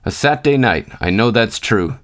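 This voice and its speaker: A hearty old engine driver with a cheery, coaxing way of talking, as a male reader puts him on. He speaks a little above the reader's usual low voice, easy and airy in a read-aloud story. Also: animated, moderate pace, fairly bright tone. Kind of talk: storybook reading.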